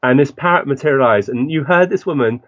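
A man, a guest on an interview, telling animated stories and acting out the voices of people in them. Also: medium pitch, fast talker, dry recording. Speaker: guest medium. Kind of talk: interview storytelling. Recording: dull, dry lo-fi recording.

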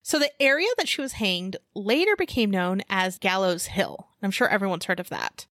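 A woman's voice: medium pitch, fairly bright tone, no room sound. Woman, young adult, podcast co-host, chatty, casual asides, dry sound. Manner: chatty, laughs often, reads notes with asides. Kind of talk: casual chat and read history.

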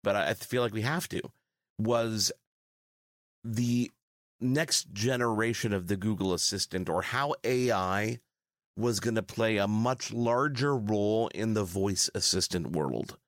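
A man from Canada with a low voice, guesting on a tech podcast and laying out his views in a measured, explanatory way. The sound is dry and close. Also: no room sound. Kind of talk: casual interview chat.

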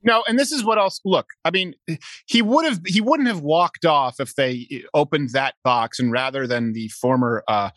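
A man in casual podcast chat, sarcastic and opinionated, talking in rambling animated bursts. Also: fairly high pitch, moderate pace, no room sound. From Canada. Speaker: podcast guest, show host.

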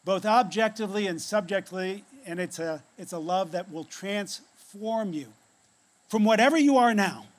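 A man preaching a sermon, telling a story with dramatic pauses and dropping to a hush on key phrases, then leading a prayer. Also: high-pitched. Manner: ends in prayer. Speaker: pastor.

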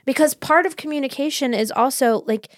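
High-voiced woman chatting about books. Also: fairly quick, no room sound, studio quality. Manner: animated, rambling with restarts. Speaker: podcast co-host. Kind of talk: casual book chat.

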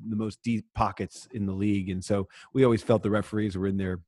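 A man co-hosting a podcast, chatting casually and telling animated stories about his playing days with plenty of swearing. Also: on the low side, quick pace, no room sound, clean studio sound. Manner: animated, swears freely, acts out quotes loudly. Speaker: podcast co-host, former player. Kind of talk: casual chat, storytelling.

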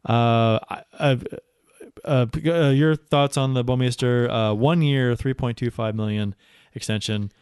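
A man's voice: mid-range voice, unhurried, darkish tone, smooth, dry recording. Joking male co-host, loose rambling delivery, dry close mic. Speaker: podcast co-host. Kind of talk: casual sports podcast chat.

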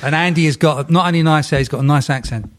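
A man's voice: on the high side, fast. A man co-hosting a podcast in casual chat, rambling and breaking off mid-sentence as he tells stories. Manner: rambling, self-interrupting storyteller. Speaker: podcast co-host.

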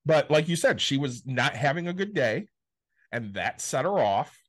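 A man's voice: mid-range voice, very animated, moderate pace. A man with a Michigan accent, co-hosting a podcast in casual chat, blunt and frustrated, with heavy swearing. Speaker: podcast co-host.

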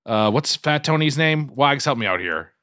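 Podcast cohost guy, really bouncy pitch, bright tone, teasing and stumbly, dry mic. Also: lively intonation, moderate pace, no echo. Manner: teasing, stammering restarts. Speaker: podcast co-host. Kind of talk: casual chat.

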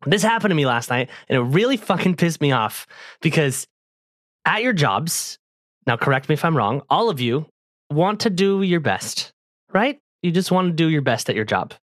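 A man who does stand-up, telling a story in casual chat with friends, animated and swearing freely, often laughing. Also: fairly high pitch, moderate pace, no echo, studio quality. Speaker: stand-up comedian and podcast cast member.

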